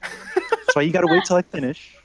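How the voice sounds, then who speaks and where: A man running a tabletop game as game master, narrating the action in a relaxed, chuckling way. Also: high-pitched, brisk, poor audio.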